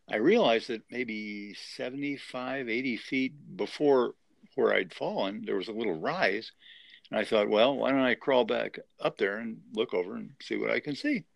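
A man's voice: lowish voice, gravelly, dry recording. A man in his sixties earnestly telling a personal survival story as an interview guest. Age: 60s. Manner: earnest, emotional retelling.

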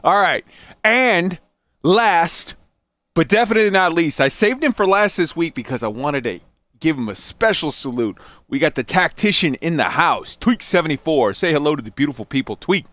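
Guy hosting a podcast, super animated pitch, dry close sound, laid back jokey vibe. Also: moderate pace, no room sound. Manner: loose, drinking and joking, lively swoops. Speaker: podcast host. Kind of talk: casual chat.

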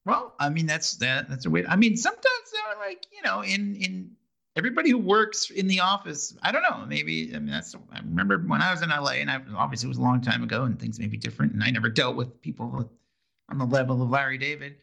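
A man's voice: medium pitch, big pitch swings, quick pace, creaky, pushed and bright. A man co-hosting a podcast, casually recapping a TV episode in a rambling way with lots of fillers and restarts. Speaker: podcast co-host.

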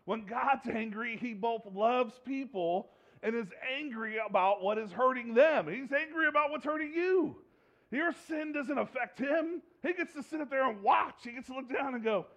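A man's voice: very high voice, normal speed. A man preaching a sermon, asking the congregation rhetorical questions and acting out what people say. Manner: animated, rhetorical questions, acts out quoted voices. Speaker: pastor.

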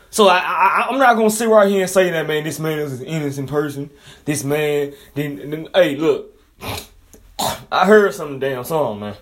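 Southern man, young adult, freestyle vlog rant: profane, rambling, repeats lines, flips from loud outbursts to low mutters; voice sits a bit high. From Alabama, US. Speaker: vlogger commenting on news. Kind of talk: casual freestyle commentary.

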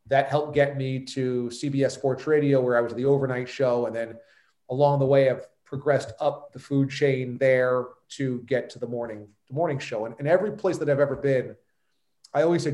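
A man's voice: mid-range voice, a little mellow, reverberant. A man, talking as a podcast guest who tells his story in a confident, emphatic way. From New York. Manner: emphatic and self-assured storytelling. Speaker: guest, sports radio host. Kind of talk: podcast interview.

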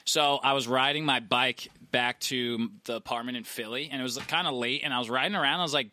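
Bright-voiced young man chatting. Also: mid-range voice, brisk, hardly any pauses, dry recording. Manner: storytelling, swearing, laughing. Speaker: podcast co-host. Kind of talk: casual chat.

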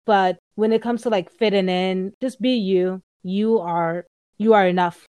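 A woman from the United States chatting on a podcast, loud and fast-talking, laughing often. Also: mid-range voice, fairly even intonation, clean tone, dry recording. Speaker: podcast guest. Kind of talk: casual podcast chat.

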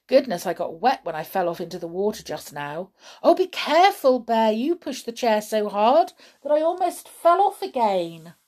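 A woman voicing a bossy, mischievous girl doll who gives brisk commands in a storybook reading. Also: a little high, very animated, darkish tone, voice pushed up.

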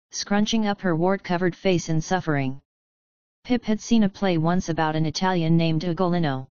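A woman narrating a fantasy audiobook in clear, even storytelling. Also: lowish voice, no echo. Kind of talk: scripted narration. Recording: slightly dull, dry studio sound.

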